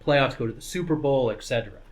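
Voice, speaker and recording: A man's voice: mid-range voice, quick pace. Patient explaining man on a podcast. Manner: explains patiently, hesitant restarts. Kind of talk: casual chat.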